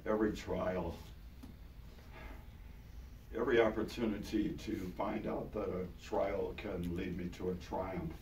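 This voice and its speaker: An older man preaching a sermon to his congregation with a hoarse, partly gone voice, talking earnestly and casually, repeating words for emphasis. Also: low-pitched, little pitch movement, unhurried, long pauses, a little mellow. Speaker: pastor. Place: large church hall with congregation. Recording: echoey hall, taken from far off, noisy.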